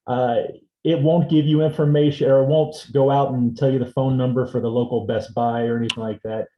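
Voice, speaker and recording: A man teaching a seminar on assistive technology, explaining a device demonstration step by step in a relaxed way. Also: medium pitch, a little fast, dull audio, slight background noise. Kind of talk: instructional demonstration. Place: indoor seminar room. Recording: roomy echo.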